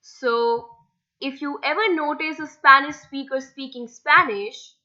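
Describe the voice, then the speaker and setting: A woman's voice: sits high, measured pace, pushed and bright, lo-fi sound. A young woman teaching a beginner language lesson, patiently spelling words out letter by letter. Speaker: Spanish language tutor. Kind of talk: slide-based language lesson.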